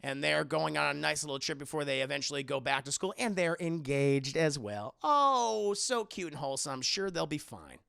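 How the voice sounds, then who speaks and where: A man recapping a movie on a live stream, animated and profane, jumping into voices for the characters. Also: a little high, normal speed, creaky, hardly any pauses, no echo, studio quality. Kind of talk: casual livestream movie recap.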